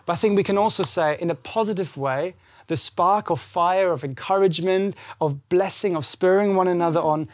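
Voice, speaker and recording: A man's voice: high-pitched, normal speed, dry recording, clean studio sound. A man preaching as pastor at a church service, speaking conversationally and animatedly, acting out lines of scripture. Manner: animated, acts out scripture dialogue. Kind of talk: conversational sermon.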